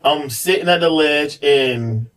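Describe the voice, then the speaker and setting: A man's voice: fairly high pitch, slow, a bit bright, recorded from a distance, rough recording. Candid man telling his story off-mic. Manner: candid, rambling, frequent fillers and repeats. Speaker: podcast guest, police officer. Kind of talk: casual personal storytelling.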